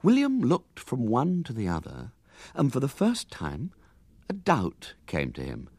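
A man reading a children's story aloud with lively, animated narration. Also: mid-range voice, measured pace, husky, dry recording.

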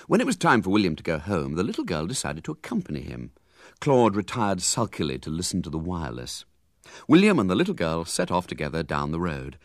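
A man reading a children's story aloud with lively, animated narration. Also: sits low, no echo, studio quality.

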